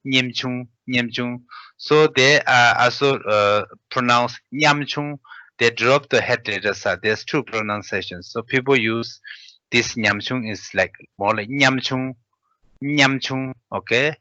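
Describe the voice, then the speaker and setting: Guy teaching vocab really slow, repeats every word twice, bright voice, dull sound. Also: medium pitch, no echo. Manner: patient, repeats each word slowly. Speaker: language teacher.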